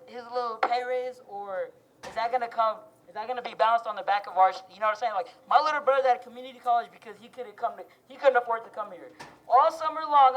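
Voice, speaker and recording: A young man giving a loud, streetwise, fired-up speech to a crowd at an outdoor campus protest. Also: very high voice, poor audio. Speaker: student protest speaker.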